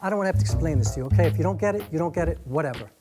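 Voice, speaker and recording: Man as proud defensive young woman attorney, fast and heated, music bed behind. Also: on the high side, expressive, close to an everyday voice.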